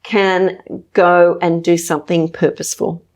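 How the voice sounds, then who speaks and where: A woman hosting a conversational talk show, with a slightly low voice. She chats easily, agrees warmly with her guest and adds her own points. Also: level tone, unhurried. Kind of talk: conversational interview.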